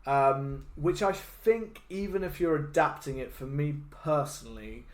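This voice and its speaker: A man's voice: on the high side, unhurried, roomy sound. A man co-hosting a podcast, talking through a film review in a rambling, self-interrupting way with frequent laughs. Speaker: podcast co-host. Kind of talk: casual film review chat.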